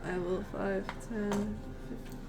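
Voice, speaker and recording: A woman's voice: mid-range voice, flat delivery, slow pace, vocal fry, very noisy. A woman playing a tabletop game, chatting casually and laughing often between lines. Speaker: player.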